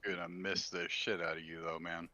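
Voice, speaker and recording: A man playing a tabletop game, speaking his character's lines slowly and hesitantly. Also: deep voice, level tone, bright, forceful tone, no room sound, muffled recording. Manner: slow, hesitant with fillers. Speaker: player. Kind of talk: in-character tabletop role-play.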